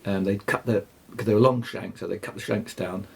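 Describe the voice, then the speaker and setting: Gravelly older man telling stories. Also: on the low side, fairly even intonation. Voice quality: gravelly, husky. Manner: rambling, halting with many restarts. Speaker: guest angler. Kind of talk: anecdotal storytelling.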